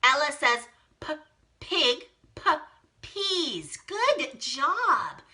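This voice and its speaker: A woman's voice: sits high, very slow. A young woman hosting a live phonics lesson for small children, cheerfully reading out their guesses and praising each one. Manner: bubbly, encouraging, reads out children's guesses with excited gasps.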